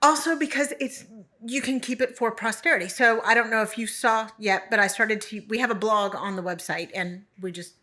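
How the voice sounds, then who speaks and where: Bright chatty middle-aged woman host. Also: a little high, brisk. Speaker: podcast co-host. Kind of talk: casual chat.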